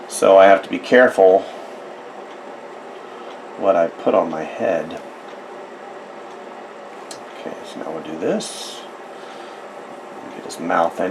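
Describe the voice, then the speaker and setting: A man's voice: low-pitched, creaky, noisy background. A man from the United States narrating a casual drawing tutorial, chatty and rambling with self-deprecating asides. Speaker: art tutor.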